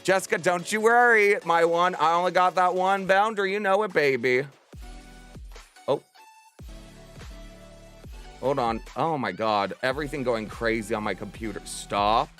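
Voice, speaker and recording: Young man, livestreamer, slightly high voice, bubbly and affectionate, soft music behind. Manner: bubbly, affectionate, talks fast to chat. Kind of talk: casual stream chat. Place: home room.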